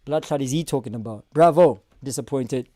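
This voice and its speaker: A man streaming his live reactions, loud and full of crude banter. He slips into put-on voices and keeps up a running commentary. His voice sounds dry and close, with no room around it. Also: sits high, lively intonation, moderate pace, dry recording.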